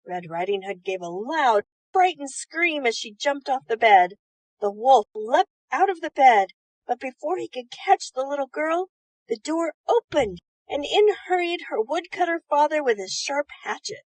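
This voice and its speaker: A woman reading bedtime stories aloud in a gentle, soothing manner. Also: high voice, lively intonation, a little slow, no echo, rough recording. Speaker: storyteller.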